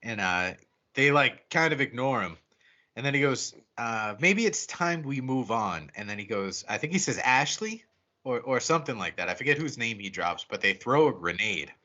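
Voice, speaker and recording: Man, bright edgy voice, muffled lo-fi sound, casual swearing movie recap. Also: medium pitch, a little fast. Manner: profane, animated storyteller. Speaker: podcast co-host. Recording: muffled lo-fi audio.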